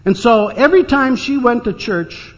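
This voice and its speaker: A man's voice: extremely high pitch, moderate pace. An older man preaching a storytelling sermon, folksy and anecdotal, with dry jokes. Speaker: pastor. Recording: dull sound in a reverberant church hall.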